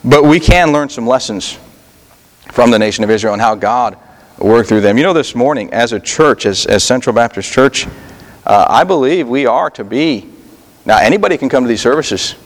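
A male pastor preaching a sermon in a conversational style, often pausing on fillers and restarting his sentences. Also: medium pitch, animated, long reverb tail. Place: church sanctuary.

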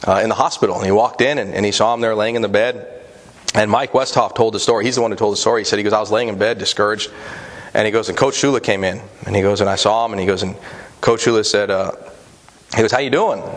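A male pastor preaching a sermon in a folksy, storytelling way with frequent fillers. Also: medium pitch.

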